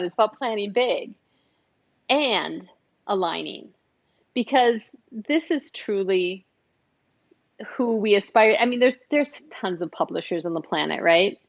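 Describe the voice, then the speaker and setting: A woman's voice: mid-range voice, muffled recording. A woman hosting an interview in casual chat, enthusiastic and rambling with restarts. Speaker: host.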